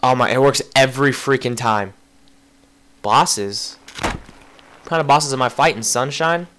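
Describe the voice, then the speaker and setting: Young guy doing game commentary, slow talker, yelps a lot, bit of hiss on the mic. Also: medium pitch. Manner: excitable, yelps and shouts at in-game deaths, apologizes to characters. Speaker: gameplay commentator. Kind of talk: casual gaming commentary.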